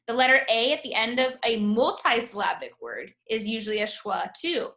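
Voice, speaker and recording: A woman teaching a phonics lesson over a video call, slowly sounding out words for her students. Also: on the high side, lively intonation, sharp tone. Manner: patient, drawn-out sounding of words.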